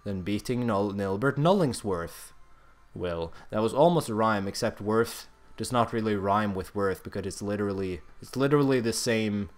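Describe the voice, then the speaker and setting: A young man giving comedic gameplay commentary in a mock-solemn, grandiose deadpan manner. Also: lowish voice, moderate pace.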